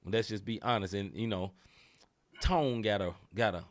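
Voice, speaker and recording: A man's voice: fairly low pitch, moderate pace. A man co-hosting a casual sports talk podcast, speaking emphatically with slang and repeated phrases. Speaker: podcast co-host.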